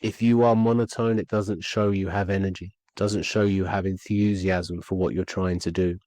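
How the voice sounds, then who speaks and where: A man's voice: sits low, steady tone, normal speed, darkish tone, no room sound, rough recording. A man teaching voice and speaking skills on a podcast, earnest and repeating key points for emphasis. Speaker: communication skills coach. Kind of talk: instructional podcast talk.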